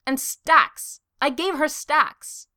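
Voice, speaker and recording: A woman's voice: mid-range voice, lively intonation, moderate pace, a bit bright, lightly acted. A woman doing an indignant jealous young man. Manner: exasperated, snappish.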